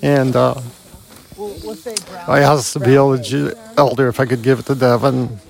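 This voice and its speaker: Gravelly middle-aged man, earnest storyteller. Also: medium pitch, little pitch movement. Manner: earnest, reflective, halting pauses. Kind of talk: personal storytelling.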